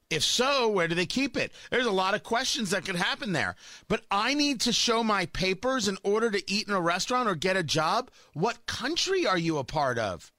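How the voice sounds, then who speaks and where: A man's voice: high voice, bright, forceful tone, no room sound. A man delivering a sarcastic, combative opinion monologue as a talk show host.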